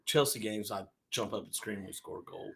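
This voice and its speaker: A man in his thirties co-hosting a podcast in casual chat, teasing and provoking, sometimes bursting into shouting. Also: lowish voice, fairly quick, creaky. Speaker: podcast co-host.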